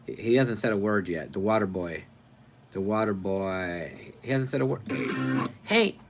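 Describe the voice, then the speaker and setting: A man hosting a casual live stream, reading viewer comments aloud, rambling and thinking out loud as he goes. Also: lowish voice, moderate pace, soft background music. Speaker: livestream host.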